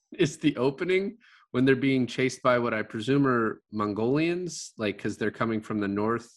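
A man in a relaxed movie review chat. He rambles, restarts his sentences and fills the gaps with ums and likes. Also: medium pitch, normal speed. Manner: rambling, many fillers and restarts, laughs often. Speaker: podcast co-host.

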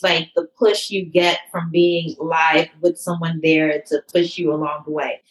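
A woman who owns a fitness studio, telling her story in an interview with emotion and lively quoted voices. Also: fairly low pitch, normal speed, hardly any pauses, echoey room, poor audio. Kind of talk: interview conversation.

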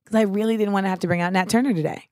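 A woman podcast host talks in a loose, animated way, swearing often and breaking off into asides as she tells stories. Her voice sits at an ordinary middle pitch. It is recorded dry and close on a studio mic. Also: rapid-fire, dry recording. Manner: animated, profane storytelling with frequent asides. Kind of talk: casual podcast chat.

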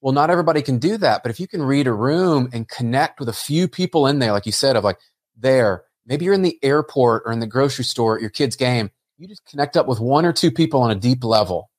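A man's voice: medium pitch, lively intonation, fast talker, dry recording, studio quality. A man hosting a podcast, speaking in an earnest, reflective way with frequent filler words. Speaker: podcast host. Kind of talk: casual interview chat.

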